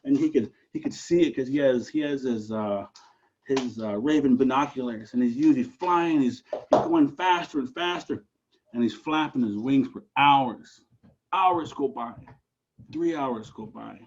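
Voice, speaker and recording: A man from Alaska telling a traditional story aloud, animated, with dramatic rises and drops. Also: medium pitch, a little slow, husky, lo-fi sound.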